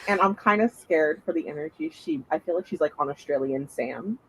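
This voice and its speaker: A man's voice: fairly high pitch, big pitch swings, brisk, creaky, a crowd in the background, poor audio. A man co-hosting a reality TV podcast, thinking aloud with lots of fillers and restarts. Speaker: podcast co-host. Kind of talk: casual chat.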